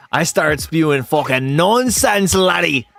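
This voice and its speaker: A boisterous drunk Irishman, as a streamer puts him on, high-pitched and taunting. He calls everyone laddie. Faint music plays behind him. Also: lively intonation, slow, vocal fry, fairly bright tone, exaggerated voice. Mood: rowdy taunting. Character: rowdy drunk Irish man mocking chat.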